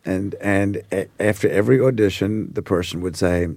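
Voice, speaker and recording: Deep mellow guy in his 40s, american accent, rambly storytelling, dry studio sound. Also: moderate pace, no room sound. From Australia. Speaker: actor guest. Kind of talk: relaxed interview chat.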